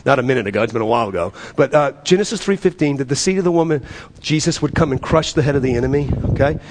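A male pastor preaching a sermon in a conversational way, repeating phrases and dropping to a quiet voice for emphasis. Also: medium pitch, lively intonation, racing, in a large hall.

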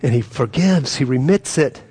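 A man's voice: medium pitch, animated, normal speed, darkish tone, slightly rough. A man preaching as a pastor and praying in an earnest, pleading way, his emphasis swelling. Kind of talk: sermon and prayer.

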